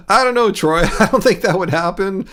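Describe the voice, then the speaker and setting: A middle-aged man from California hosts a casual livestream, chatting back to viewers' comments in a loose, halting way. His voice sits a little high for a man, and he sounds worn out, trailing off and laughing between thoughts. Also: sharp tone. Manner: rambling, halting, laughs often, reads comments aloud. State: mentally tired. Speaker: livestream host reading chat.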